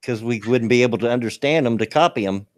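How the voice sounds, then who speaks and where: Loud man in his fifties. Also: medium pitch, fast talker, no echo, clean studio sound. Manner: loud, big-mouthed, laughs often. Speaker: podcast co-host. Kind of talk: casual chat.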